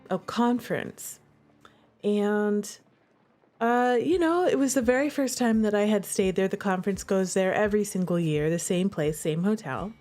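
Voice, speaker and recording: A woman with a drawl tells a personal ghost story in a loose, conversational way. Her pitch sits in the middle of the range, and she stumbles and restarts as she goes. Faint music plays under her voice. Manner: chatty, animated storyteller with frequent restarts and fillers. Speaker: streamer. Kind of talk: casual storytelling.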